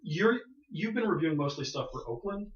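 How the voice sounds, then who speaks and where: Fast-talking man running a tabletop game. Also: fairly high pitch, lively intonation, a crowd in the background. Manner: quick, plain-spoken scene narration. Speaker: game master. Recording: echoey room, dull lo-fi sound.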